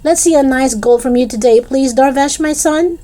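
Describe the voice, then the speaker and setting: A woman playing a loud, gushing proud mom. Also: mid-range voice, big pitch swings, moderate pace, voice pushed up. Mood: cheering. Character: proud excitable mother cheering her son.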